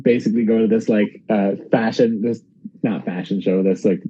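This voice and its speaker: A man's voice: lowish voice, fairly even intonation, moderate pace, dark tone, slightly rough, lo-fi sound. A man hosting a casual podcast, rambling with lots of fillers and the odd swear. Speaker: podcast host. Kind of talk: casual chat.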